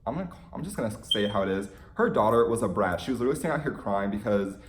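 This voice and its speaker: A young man telling an excited fan story in a casual vlog, gushing and full of "like"s. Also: lowish voice, very fast, echoey room, a little hiss or hum. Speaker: vlogger.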